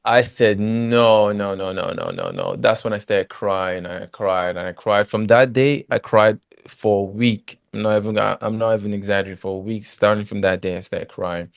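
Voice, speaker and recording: A man, a former footballer, telling his story as a guest in a casual interview, animated and often saying "you know". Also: on the low side, a little fast, dry recording, clean studio sound.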